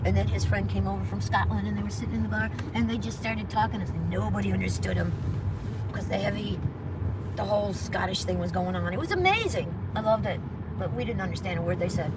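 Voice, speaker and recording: A woman gig driver chatting casually with her live viewers while she drives, rambling from one thought to the next. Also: mid-range voice. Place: in a car on the road. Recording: distant phone mic with loud road noise.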